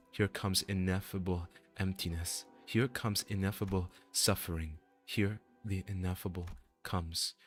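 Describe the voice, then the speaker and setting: Deep-voiced man reading game dialogue dramatically.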